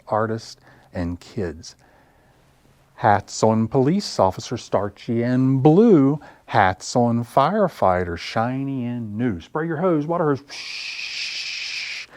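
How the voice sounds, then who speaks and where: A middle-aged man, a children's librarian, leading a rhyme at story time in a slow, sing-song, animated way. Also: mid-range voice, no echo.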